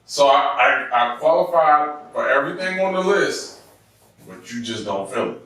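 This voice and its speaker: A man's voice: fairly high pitch, animated, normal speed, pushed and bright. A man co-hosting a casual group podcast chat, telling personal stories in an earnest way and repeating words as he goes. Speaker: podcast co-host. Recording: echoey room from far off the mic.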